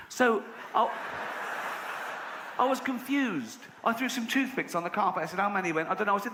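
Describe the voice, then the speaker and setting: English comic guy, slightly high voice, dry sardonic stories, big echoey room with crowd noise. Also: sing-song, normal speed, pauses often. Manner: sardonic storytelling, voices other people with pitch jumps. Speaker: stand-up comedian. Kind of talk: stand-up routine. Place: large live venue. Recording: roomy live venue with audience noise.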